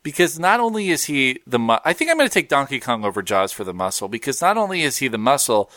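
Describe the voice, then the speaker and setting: A man's voice: medium pitch, quick pace, dry recording, studio quality. A man co-hosting a podcast, bantering casually and laughing easily. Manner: animated, joking, laughs easily. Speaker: podcast co-host.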